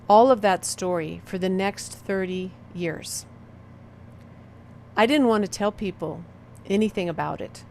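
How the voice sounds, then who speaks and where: A middle-aged woman speaks with quiet intensity, letting long pauses hang between her phrases as she recounts her own past. Her voice sits in a middle register, neither high nor low. A faint background noise runs under the recording. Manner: slow, heavy dramatic pauses, quiet intense delivery. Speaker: motivational speaker. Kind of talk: emotional personal testimony talk.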